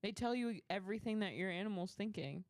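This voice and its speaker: A woman in her twenties, a comedian guest in casual chat, giggly and lively. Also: medium pitch, quick pace, no echo, clean studio sound.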